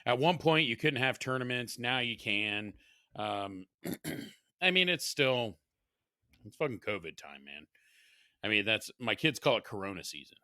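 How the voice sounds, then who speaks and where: A man's voice: medium pitch, sing-song, measured pace, pushed and bright, dry recording, clean studio sound. A middle-aged man and father co-hosting a casual podcast, laughing often and swearing freely. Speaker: podcast co-host. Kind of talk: casual chat.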